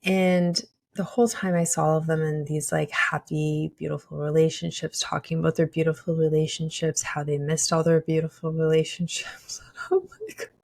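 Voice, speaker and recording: Earnest young woman with a gravelly edge. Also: sits low, flat delivery, normal speed, darkish tone. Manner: earnest, confiding, with many "like" and "you know". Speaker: podcast host. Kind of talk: personal storytelling.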